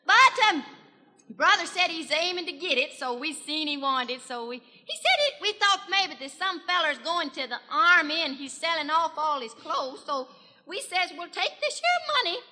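A woman's voice: high voice, lively intonation, moderate pace, bright, forceful tone, exaggerated voice. A woman playing a chatty small-town country gossip gal in a 1940s radio comedy monologue, with a rural Southern accent and a folksy, gushing manner. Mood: gossipy. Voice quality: folksy, gushing, breathless storytelling. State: has a cold. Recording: reverberant 1940s radio broadcast from a hall.

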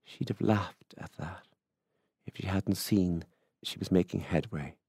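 A man reads a short story aloud, measured and unhurried. His voice is low and gravelly, and the recording is close and dry. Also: warm tone, no echo. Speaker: author reading fiction. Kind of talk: literary reading.

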